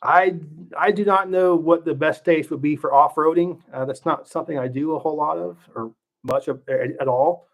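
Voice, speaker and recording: A middle-aged man hosts a casual livestream, answering viewer questions and thinking aloud with fillers and restarts. His voice is fairly high-pitched at a normal speed, over slightly dull lo-fi stream audio.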